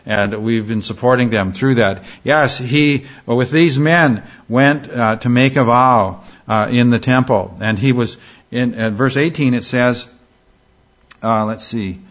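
A man leading a verse-by-verse Bible study in a conversational teaching style, often pausing with fillers and checking in with "all right?". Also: mid-range voice, fairly bright tone. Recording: slightly dull lo-fi recording.

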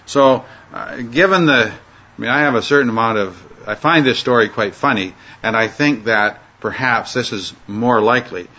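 Male Bible teacher, bright and slightly husky, casual halting lecture, muffled lo-fi sound. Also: mid-range voice. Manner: conversational, halting with fillers and restarts. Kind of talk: informal Bible study lecture. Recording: dull lo-fi recording.

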